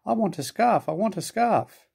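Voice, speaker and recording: A man's voice: sits high, expressive, moderate pace, creaky, a little mellow, slightly rough, voice pushed up, full character voice. A man voicing a cheeky small boy tank engine in a storybook reading, whiny and repeating himself. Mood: whining.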